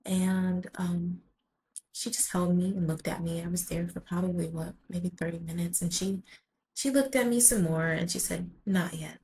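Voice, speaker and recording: A woman's voice: fairly low pitch, steady tone, moderate pace, creaky, mellow, a little hiss or hum, rough recording. A woman vlogger telling a personal story in a rambling way, full of "like" and casual swearing.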